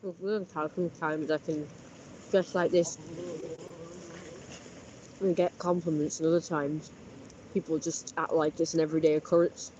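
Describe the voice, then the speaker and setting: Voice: medium pitch, level tone, unhurried, pauses often, a little mellow, slight background noise. Chatty vlogger, muffled outdoors. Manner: chatty, boastful, wandering. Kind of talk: casual rambling monologue. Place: outdoors by a canal. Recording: slightly muffled outdoor recording, faint background.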